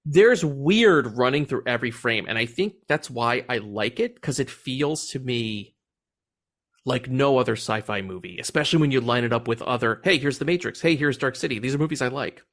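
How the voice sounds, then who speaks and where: In casual movie review chat, a podcast host speaks at a moderate pace in a mid-range, slightly bright voice with lively intonation. He's animated, laughs often, and swears now and then.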